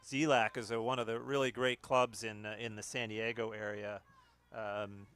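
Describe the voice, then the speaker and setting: A man from Canada with a Canadian accent, a commentator giving live rowing race commentary in a relaxed way, often repeating words as he follows the boats. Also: lowish voice, normal speed, smooth.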